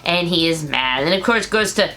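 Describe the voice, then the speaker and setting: A woman recapping a TV episode in a casual, jokey way, sometimes acting out lines in quick voices. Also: fairly low pitch, animated, bright, forceful tone, soft background music. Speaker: show reviewer.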